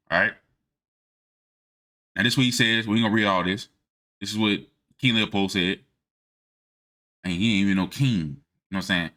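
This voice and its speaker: A man's voice: fairly low pitch, brisk, long pauses, bright, forceful tone. A man giving a casual lecture on religious history from notes, informal and emphatic, constantly checking in with his listeners. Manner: informal and emphatic, keeps checking "all right?".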